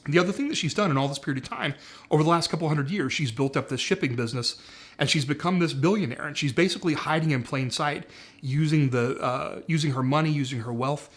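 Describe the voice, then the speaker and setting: A man casually talking through a TV series story pitch in a conversational way, full of "like" and "uh". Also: a bit bright. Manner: conversational, frequent "like" and "uh".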